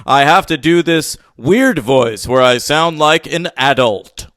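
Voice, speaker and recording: A man putting on a deadpan, mock-serious grown-up voice, pushed a touch low and steady, trying hard to sound like an adult. Crisp and smooth, recorded close with a dry sound. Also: takes it slowly, no echo. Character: man mocking an actor with a fake deep serious voice.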